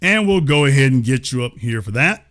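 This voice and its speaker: A man in the middle of his pitch range hosts a livestream political commentary show. He talks in a mocking, sarcastic way. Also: animated, fairly quick, fairly bright tone. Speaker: show host.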